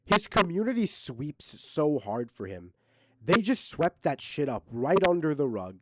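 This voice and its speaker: A man's voice: a little high, very animated, a little slow, very noisy. A man streaming, giving casual reaction commentary in heated, mocking, profane rants.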